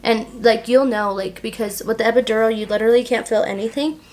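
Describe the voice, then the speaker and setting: A young woman vlogger telling a personal story casually while doing her makeup, filling her talk with "like" and retelling what people said in an animated way. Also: a little high, brisk. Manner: chatty, heavy use of "like", animated retelling. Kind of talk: casual get-ready-with-me storytelling.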